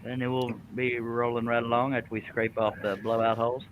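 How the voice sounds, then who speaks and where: A man's voice: mid-range voice, level tone, fairly quick, slight background noise, low-quality recording. A man hosting a live stream, chatting casually and joking while he works at a scroll saw. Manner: joking, folksy, laughs often. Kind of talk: casual chat while working.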